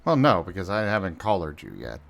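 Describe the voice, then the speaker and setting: A man's voice: low-pitched, big pitch swings, brisk, creaky, a bit bright, soft background music. A man hosting a casual gaming stream, bantering playfully and teasing his friends. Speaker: streamer host.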